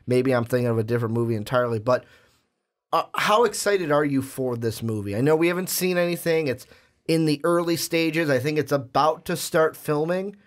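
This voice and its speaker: A man's voice: a little high, brisk. A young man co-hosting a casual podcast, talking at length with many restarts before landing on pointed questions. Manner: rambling, restarts and fillers, builds up to pointed questions. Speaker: podcast co-host. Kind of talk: casual movie chat.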